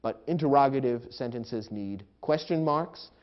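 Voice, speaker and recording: A man narrating a grammar lesson in a measured, explanatory way, reading example sentences aloud with expressive emphasis. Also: medium pitch. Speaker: grammar instructor. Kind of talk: scripted educational narration. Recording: dull lo-fi recording.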